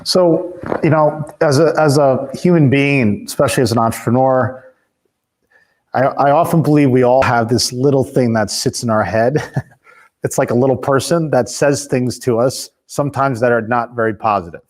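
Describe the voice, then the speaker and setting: A man's voice: mid-range voice, normal speed, darkish tone. A man in his fifties hosting a podcast interview, talking casually and restarting his sentences as he thinks aloud. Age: 50s. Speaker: podcast host.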